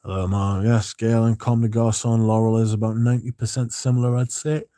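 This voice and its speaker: On a fragrance livestream, a male host with a lowish voice talks briskly and casually, rambling between comments with plenty of fillers. His manner is relaxed and chatty, and there's no room sound.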